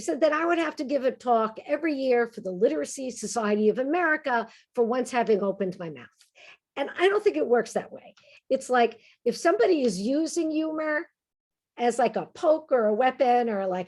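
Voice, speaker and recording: Brief: woman, humorous speaker, lively and conversational, fairly high voice. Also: brisk. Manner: lively, conversational, checks in with "right?". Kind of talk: humorous keynote talk.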